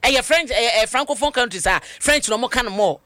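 Bright-voiced Ghanaian woman co-host. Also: a little high, brisk, dry recording, clean studio sound. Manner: animated, mixes Twi and English. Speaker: radio show co-host. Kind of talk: current affairs discussion.

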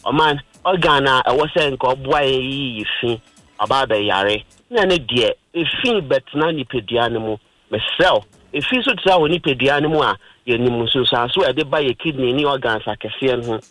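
A man's voice: medium pitch, animated, moderate pace, fairly bright tone, no room sound, soft background music, rough recording. A man with a Ghanaian accent explaining liver disease on a radio health talk, lecturing patiently with everyday examples. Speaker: health expert guest on radio. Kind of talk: radio health talk, mixing Twi and English.

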